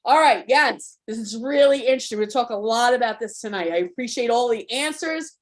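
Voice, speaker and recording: Frank, spirited woman coach, slightly high voice. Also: a little fast. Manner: frank, spirited, curses freely; conversational, rallying. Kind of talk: live online coaching talk.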